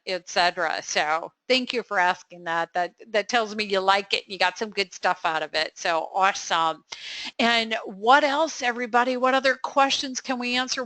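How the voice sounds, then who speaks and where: Middle-aged woman, webinar Q&A host, encouraging, bright tone, dry close mic. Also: mid-range voice, no room sound. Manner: upbeat and encouraging, quick affirmations, frequent fillers. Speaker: coaching instructor hosting a webinar Q&A. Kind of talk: live webinar Q&A.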